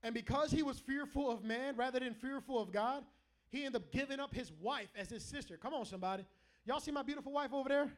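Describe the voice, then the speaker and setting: With a very high-pitched voice and a fast pace, a middle-aged pastor preaches to a live congregation in a church hall. He jokes, stays animated and calls out to the people.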